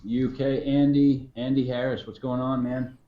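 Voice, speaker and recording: A man's voice: medium pitch, flat delivery, a little slow, narrow, tinny audio. An American man chatting casually on a livestream, laid-back and slangy. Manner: laid-back, slangy, says dude and bro. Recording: echoey room, faint noise.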